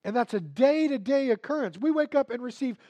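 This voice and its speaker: A male preacher with a notably high-pitched voice delivers a sermon. He moves between soft, hushed storytelling and bursts of emphatic, louder preaching. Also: animated, a little fast.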